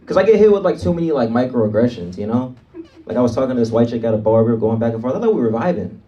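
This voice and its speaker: A man's voice: medium pitch, expressive, very fast, lo-fi sound. A man from South Central Los Angeles doing a casual, swearing, self-deprecating stand-up set. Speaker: stand-up comedian. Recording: distant stage mic with loud noise.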